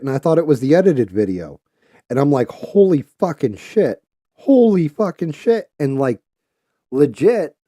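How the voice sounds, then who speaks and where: Brief: male podcast host, blunt and foul-mouthed rant, lively swinging pitch, mellow tone. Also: no echo, studio quality. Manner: profane, heated and blunt.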